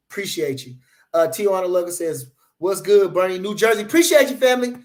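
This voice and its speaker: A man's voice: high voice, normal speed, darkish tone. A man chatting casually on a livestream, reading out comments in rambling, repetitive, profane hype talk.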